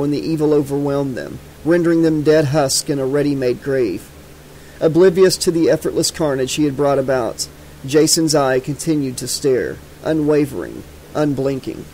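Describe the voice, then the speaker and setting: A male audiobook narrator with a fairly high voice, reading horror in a measured, dramatic manner. Faint noise sits under the reading. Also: a little mellow, poor audio. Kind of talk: scripted narration.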